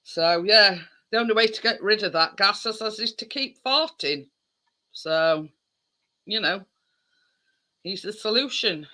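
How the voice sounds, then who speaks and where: A woman's voice: medium pitch, animated, measured pace, pauses often, sharp tone. A woman hosting a casual livestream, chatting with viewers in a rambling way with lots of fillers. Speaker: livestream host.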